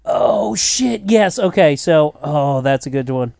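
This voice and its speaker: A man telling stories in casual chat, animated, swearing freely and acting out other people's voices. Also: on the high side, slow, creaky, dry recording. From United States.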